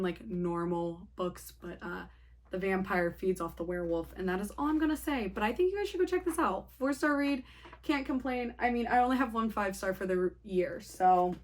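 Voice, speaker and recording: A young woman chatting casually through a book review, rambling and saying "like" a lot. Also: medium pitch.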